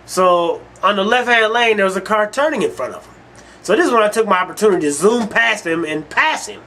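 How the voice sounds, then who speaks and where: A man's voice: high voice, animated, a little fast, bright, forceful tone, slight background noise. A man hosting his own online show, delivering a heated, profane ranting monologue and telling stories. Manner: heated, cursing, storytelling.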